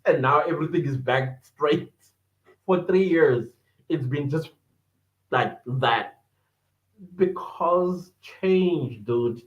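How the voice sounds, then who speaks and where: A medium-pitched man speaks slowly and laughs often while hosting a podcast, reading live chat and greeting viewers by name in casual livestream talk. The room is echoey and the sound dull and lo-fi.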